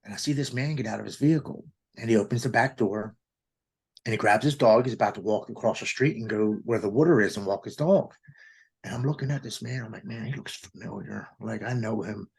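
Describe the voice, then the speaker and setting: A man's voice: medium pitch, fairly quick, vocal fry, breathy edge. A man in his forties from Maryland, telling an emotional personal testimony as an interview guest and quoting his own past thoughts aloud. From Maryland, United States.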